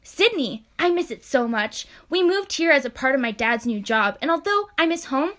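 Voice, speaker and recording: A woman's voice: high voice, very animated, moderate pace, a bit bright. A young woman co-hosting a podcast, reading fan fiction aloud and often breaking into giggles. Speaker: podcast co-host.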